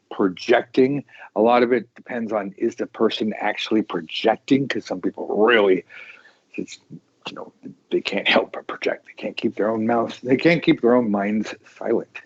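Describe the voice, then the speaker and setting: Man, show host, casual chat, rambling, animated, lots of restarts, muffled lo-fi recording. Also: mid-range voice, husky, no echo. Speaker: tarot podcast host.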